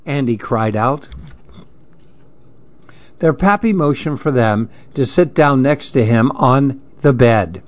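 A man narrating a children's story in a calm, measured reading. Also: medium pitch, no room sound. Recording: dull lo-fi dry recording.

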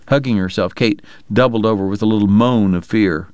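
A man narrating a novel in a measured, even reading. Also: on the low side, clear, resonant tone, no room sound, studio quality. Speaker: audiobook narrator. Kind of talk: scripted narration.

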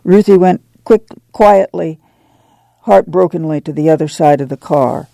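A male audiobook narrator with a gravelly, mellow voice, pitched a little high. He reads in a measured, unhurried way. The recording is close and dry. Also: no echo. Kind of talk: scripted narration.

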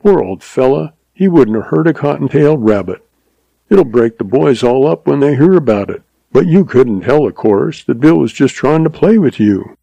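A man voicing a quick-witted young cowboy in a storybook reading, talking in a folksy, easygoing ranch-hand way. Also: medium pitch, expressive, gravelly, mellow, dry recording, lo-fi sound, voice pushed up. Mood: mock mournful.

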